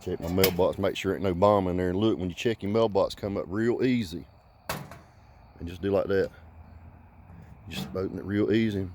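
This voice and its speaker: Low-voiced man ranting profanely. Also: moderate pace, long pauses, a little mellow, a little hiss or hum. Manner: profane, rambling, folksy drawl. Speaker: vlogger. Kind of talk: rambling comic rant.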